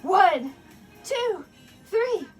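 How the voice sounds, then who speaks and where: A woman's voice: extremely high pitch, animated, extremely slow, faint music behind. A woman teaching children a dance storytime from her basement, playful and encouraging, laughing often and making animal sounds. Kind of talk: guided movement storytime for kids. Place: home basement.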